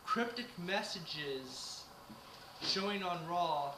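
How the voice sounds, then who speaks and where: A man with a somewhat high voice talks through his wrestling picks in a loose, hesitant way, filling gaps with "uh". The recording sounds echoey and carries clear background noise. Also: animated, extremely slow. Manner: hesitant, lots of uh fillers. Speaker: co-host. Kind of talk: casual wrestling prediction chat.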